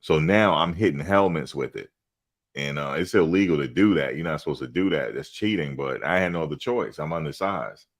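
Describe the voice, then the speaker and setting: Brisk and lively in intonation, this bass-voiced middle-aged fan channel host keeps his live stream relaxed and chatty, spinning stories and laughing a lot.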